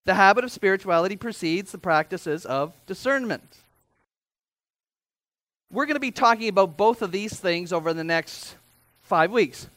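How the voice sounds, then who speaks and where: A male pastor delivers a sermon in a high, light voice, keeping it conversational with quick asides and self-corrections. The sound is dry and close, with no room around it. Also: lively intonation, fairly bright tone, dry recording.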